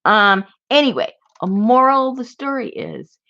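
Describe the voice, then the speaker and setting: A woman's voice: on the high side, very animated, normal speed, bright, forceful tone, lo-fi sound. A woman chatting casually in a vlog, giggly and rambling as she shows off handmade gifts. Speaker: crafter showing handmade gifts.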